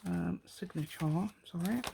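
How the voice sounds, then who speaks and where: A woman's voice: lowish voice, unhurried, vocal fry, warm tone, a little hiss or hum. A woman hosting a casual craft tutorial. She thinks aloud and rambles chattily, talking to herself as she works. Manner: chatty, rambling, talks to herself while working. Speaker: craft channel host.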